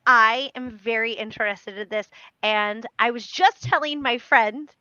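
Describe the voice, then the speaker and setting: A curious woman professor on a tabletop game, friendly and a little hesitant, with a high, bright voice, as a woman player acts her out. The sound is close and dry. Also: a little slow, clean tone, no echo, dull audio. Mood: curious, polite.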